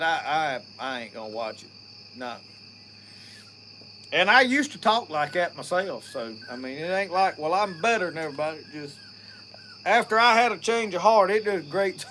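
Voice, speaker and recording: Folksy Mississippi man with a bright voice. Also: sits high, slight background noise. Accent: Southern US, Mississippi. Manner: folksy, rambling, talks to viewers and the dog. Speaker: outdoors channel host. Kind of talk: casual live-stream chat. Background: faint crickets and insects.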